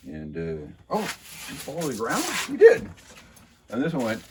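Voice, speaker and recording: A man's voice: medium pitch, wildly swooping pitch, unhurried, background noise. A man casually recapping a local council meeting in a sarcastic, rambling way, full of fillers and restarts.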